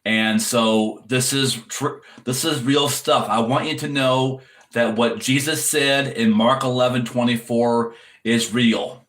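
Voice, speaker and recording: A man delivers a sermon-style message of encouragement at an unhurried, deliberate pace. He speaks earnestly and keeps circling back to the same phrases for emphasis. His voice rings in an echoey room. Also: medium pitch, fairly even intonation, a bit bright. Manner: earnest, repetitive exhortation addressed to the viewer. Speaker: preacher.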